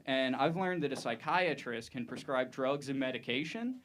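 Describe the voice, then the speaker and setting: A man's voice: mid-range voice, normal speed, fairly bright tone, a little hiss or hum. A man from Ohio doing a stand-up comedy set on a club stage into a handheld mic, rambling and self-mocking with loose asides.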